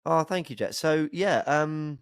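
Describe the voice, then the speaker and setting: A man's voice: on the high side, animated, a little slow, clear, resonant tone, no echo. A man guesting on a football podcast, chatting casually with wry, sarcastic asides.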